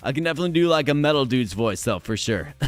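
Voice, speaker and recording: A man with a hoarse voice, chatting energetically with viewers during a live stream. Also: mid-range voice, lively intonation, quick pace, no echo, faint music behind.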